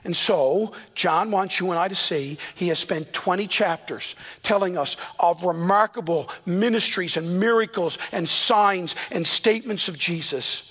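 A man in his fifties preaches to his congregation, his voice sitting fairly high with a husky edge. He tells stories earnestly, speeding through some stretches and slowing to lean on key words. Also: fairly bright tone. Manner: earnest storytelling preacher, shifts between quick and slow emphatic delivery. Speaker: pastor. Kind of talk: sermon. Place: church.

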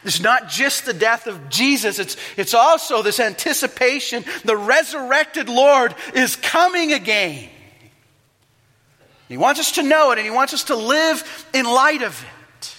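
A man preaching a sermon as pastor, telling stories dramatically and swinging from hushed to loud and impassioned. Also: extremely high pitch, very animated, unhurried, in a large hall. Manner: impassioned, dramatic storytelling with wide swings in loudness.

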